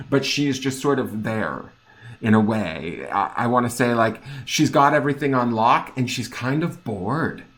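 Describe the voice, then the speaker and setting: A man giving a casual, chatty tarot reading to his viewers, searching for words and often checking that he makes sense, with a lilting, upspeak-prone way of talking. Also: mid-range voice. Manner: chatty and searching, full of fillers and checks for understanding. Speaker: tarot reader.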